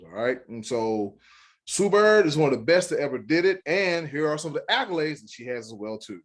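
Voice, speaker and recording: American podcast guy, bit high voice, fires off stats and jokes around. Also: brisk. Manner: animated, rattles off stats, jokey. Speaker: podcast co-host. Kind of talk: casual sports chat.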